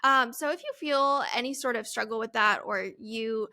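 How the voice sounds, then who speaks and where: A woman in her twenties hosts a solo Q&A podcast, chatting and rambling and laughing at herself. She wears headphones and uses a studio-style mic, and her voice is on the high side and sharp in tone at a normal speed.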